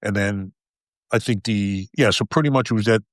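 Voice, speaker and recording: A man's voice: fairly low pitch, moderate pace, dry recording. A man in his fifties, a retired police officer, telling a podcast host his story in a blunt, profane, candid way.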